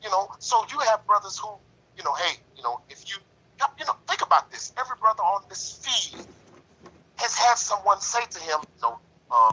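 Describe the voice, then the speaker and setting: A man's voice: high voice, sing-song, fairly quick, sharp tone, breathy edge, rough recording. A man in a lodge discussion talking in a preachy, emphatic way, repeating himself and leaning on "you know". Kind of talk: passionate casual discussion.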